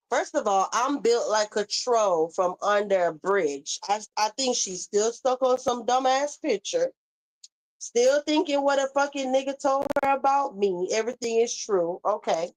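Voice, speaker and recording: A woman's voice: a little high, animated, a little slow, rough recording. Sassy woman livestreaming to viewers. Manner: sassy, chatty, addressing viewers directly. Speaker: livestream host. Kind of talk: casual livestream reaction. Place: Florida home.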